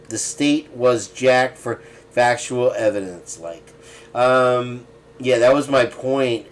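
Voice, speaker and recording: A man's voice: medium pitch, a little hiss or hum. A man hosting a casual live stream, reading viewer comments aloud and adding sarcastic asides with frequent chuckles. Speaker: livestream host.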